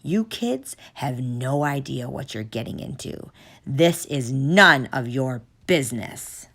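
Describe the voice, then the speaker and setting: A woman's voice: a bass voice, lively intonation, slow, exaggerated voice. Woman doing a bullying, barking security guard. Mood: furious. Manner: barking, bullying, shouting orders. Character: gruff menacing male zoo security guard.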